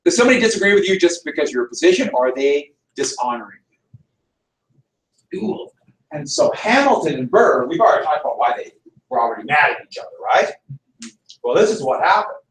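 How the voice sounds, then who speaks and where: Man, teacher, emphatic history lecture, lively swooping voice, roomy echo, distant mic. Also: on the high side, brisk. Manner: emphatic, asks the class rhetorical questions. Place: classroom. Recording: echoey room, from far off.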